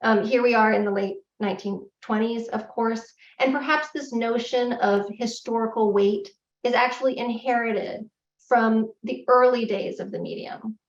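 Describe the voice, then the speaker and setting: A middle-aged woman giving a public lecture in a candid, self-deprecating, animated way. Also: a little high, moderate pace. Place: lecture hall. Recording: echoey hall, distant, dull lo-fi.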